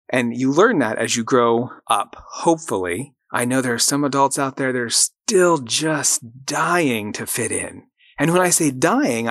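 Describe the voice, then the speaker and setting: A man's voice: medium pitch, a bit bright, no room sound. A man hosting a motivational podcast from a recording studio, talking in an upbeat, encouraging way and coaxing listeners to repeat affirmations after him. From rural farm upbringing. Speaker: podcast host and coach.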